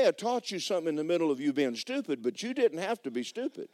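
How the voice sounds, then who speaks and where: A man preaching a sermon as pastor, swinging from shouted bursts to low, quiet lines and acting out dialogue. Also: wildly swooping pitch, brisk, hardly any pauses, no room sound. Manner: acts out dialogue in dramatized voices. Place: church sanctuary.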